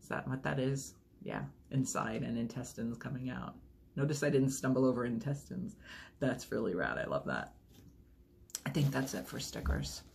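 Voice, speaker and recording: A woman's voice: extremely low pitch, lively intonation, moderate pace, vocal fry, a little mellow, slight background noise. A woman chatting casually through an unboxing video, rambling and gushing over each item. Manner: enthusiastic, gushing. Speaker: unboxing vlogger.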